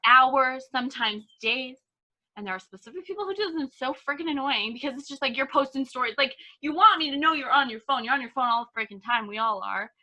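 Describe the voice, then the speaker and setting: A woman's voice: high-pitched, fast talker. A woman in her twenties co-hosting a podcast, chatting and telling stories with lots of "like". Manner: chatty, animated storyteller, heavy use of "like". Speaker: podcast co-host. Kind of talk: casual chat.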